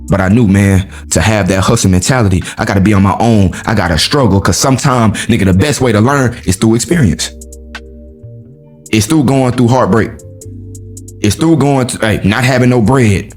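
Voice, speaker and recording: A man hosting a podcast, giving a blunt motivational monologue in profane street slang, jumping from high exclaims to low, heavy emphasis. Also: fairly quick, soft background music. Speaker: podcast host.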